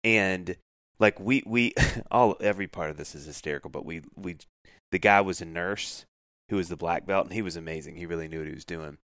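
A man with a very low, gravelly voice tells animated stories on a podcast, slipping into other people's voices as he quotes them. The sound is dry and close, with no room around it. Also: a little fast, no echo. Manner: animated storyteller, acts out quotes, laughs often. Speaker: podcast co-host. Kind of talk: casual chat.

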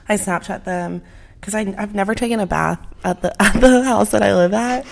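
Animated young woman telling a story. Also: medium pitch, quick pace, creaky. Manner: animated storytelling, acts out friends' lines. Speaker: podcast co-host. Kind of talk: casual chat.

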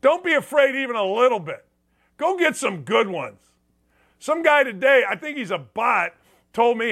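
Sports radio host, a man with a high, bright voice, blunt and sarcastic, lively delivery. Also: moderate pace, vocal fry. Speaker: sports talk show host. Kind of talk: opinionated sports talk monologue.

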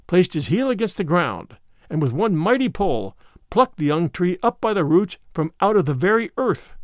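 A man reading a classic tale aloud with expressive storytelling. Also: sits high, no room sound, clean studio sound. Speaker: narrator. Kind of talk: scripted narration of a classic tale.

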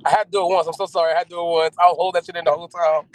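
A man from North Carolina, talking excitedly and gratefully as a guest while calling in from a moving car. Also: fairly high pitch, rapid-fire, no room sound, rough recording. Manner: grateful, excitable, laughing often. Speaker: rapper, guest. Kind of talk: casual interview.

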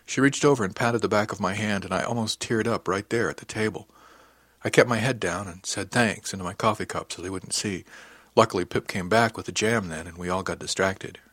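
A young man narrating an audiobook in the first person at a steady, plain storytelling pace. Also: fairly low pitch, fairly quick, no echo.

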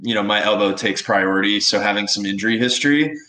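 A young man from Texas, a guest telling stories in a relaxed, casual interview, with many fillers. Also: on the low side, quick pace, rough recording. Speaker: guest, baseball pitcher.

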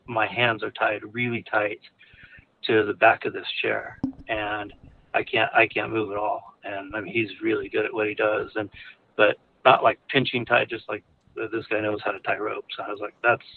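A man's voice: on the low side, vocal fry, a little hiss or hum. A male caller telling a personal story frankly, in a candid, rambling way with chuckles between phrases. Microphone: phone call. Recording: tinny phone line.

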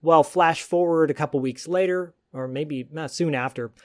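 A man's voice: a little high, moderate pace, a little mellow. A man hosting a podcast, telling a story in a rambling, digressive casual chat. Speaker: podcast host.

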